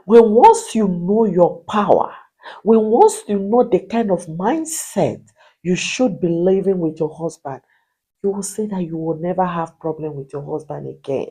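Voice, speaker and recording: Woman coach, mellow voice, emphatic, hammering questions. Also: on the low side, animated, measured pace, breathy edge, rough recording. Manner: emphatic, repetitive rhetorical questions. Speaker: marriage coach. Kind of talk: motivational preaching.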